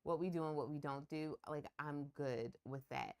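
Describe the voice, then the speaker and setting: A woman co-hosting a relationship podcast, talking in a relaxed, conversational way with wry asides. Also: low voice, normal speed, smooth. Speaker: podcast co-host. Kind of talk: casual relationship chat.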